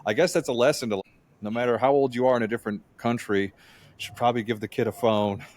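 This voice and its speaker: A man's voice: mid-range voice, steady tone, fast, darkish tone, no room sound. A man co-hosting a podcast in casual chat, an easygoing listener who answers with short reactions and reassuring remarks. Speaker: podcast co-host.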